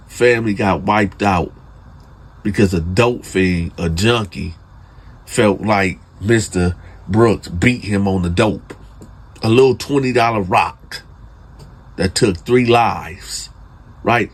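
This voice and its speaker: A man's voice: fairly low pitch, slow, slightly rough. A man telling a true prison story in casual, slangy talk, speaking straight to his listeners and building suspense. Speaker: storyteller host.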